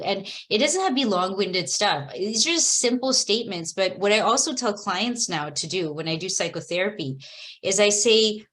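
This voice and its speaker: A woman's voice: medium pitch, a bit bright. A woman psychotherapist, a guest on an online interview, answering animatedly and acting out quoted voices over a video call.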